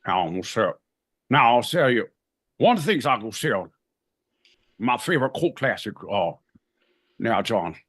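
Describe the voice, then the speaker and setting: A man's voice: mid-range voice, big pitch swings, moderate pace, pauses often, a bit bright, dry recording, studio quality. A man putting on a Cajun accent, playing a fumbling Cajun Creole man. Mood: hesitant. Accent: Cajun, put on.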